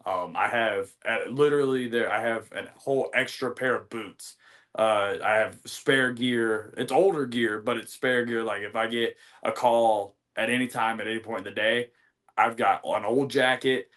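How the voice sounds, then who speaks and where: A young American man, a professional wrestler, telling stories in a rambling, animated way full of fillers and restarts. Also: mid-range voice, moderate pace. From United States. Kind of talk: casual interview storytelling.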